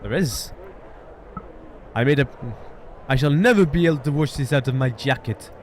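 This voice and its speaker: Guy reading a story game out loud on stream, bouncy lively voice, bit of hiss. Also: medium pitch, moderate pace. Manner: reads narration and dialogue aloud, jokes with friends. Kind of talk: live-streamed game read-aloud with chat.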